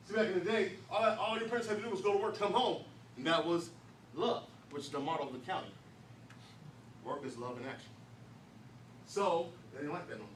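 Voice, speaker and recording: A man with a high voice gives an animated motivational talk, driving his points home with emphasis and rhetorical questions. He sounds distant in a reverberant meeting room, with a faint hum behind him. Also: moderate pace, pauses often. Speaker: speaker.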